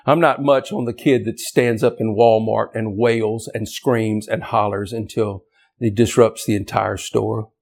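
A man preaching an impassioned sermon, emphatic and repetitive, climbing toward near-shouting on key points. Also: lowish voice, steady tone, measured pace, vocal fry.

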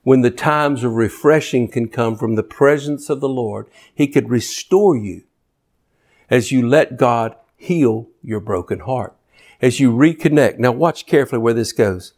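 A man preaching a sermon in a folksy way, building to high, excited shouts. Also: a little slow.

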